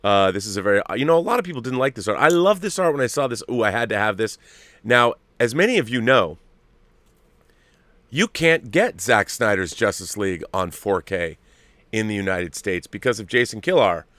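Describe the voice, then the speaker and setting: A man's voice: fairly low pitch, lively intonation, normal speed, a bit bright, dry recording. A middle-aged man hosting a live show, chatting in a rambling, self-interrupting way. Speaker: host. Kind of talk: casual live show chat.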